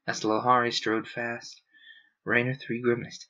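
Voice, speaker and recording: Bright-toned man reading a novel aloud. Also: mid-range voice, completely flat delivery, normal speed. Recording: dull lo-fi recording.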